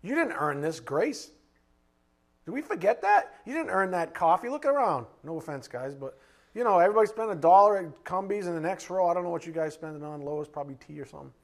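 Blunt, high-voiced male preacher. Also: expressive, fairly quick, vocal fry. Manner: blunt, rhetorical questioning, swings from loud to quiet. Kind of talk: sermon.

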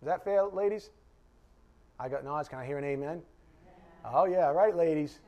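A male preacher with a somewhat high-pitched voice gives a conversational sermon to his class. He speaks straight to the congregation with blunt, emphatic delivery. He punches key words loudly, then drops into quiet, muttered asides. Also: normal speed. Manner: emphatic and direct, addressing the congregation. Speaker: preacher teaching a Bible class.

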